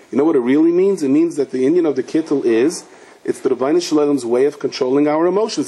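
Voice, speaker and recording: Husky-voiced rabbi preaching. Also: male voice, medium pitch, quick pace, mellow. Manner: storytelling, asks rhetorical questions, mixes in Hebrew and Yiddish. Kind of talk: sermon.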